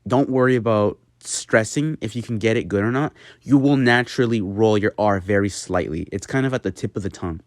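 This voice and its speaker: A man's voice: fairly low pitch, brisk, no echo. A young man teaching an in a casual home video lesson, rambling and self-mocking with many fillers. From United States. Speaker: host teaching an accent.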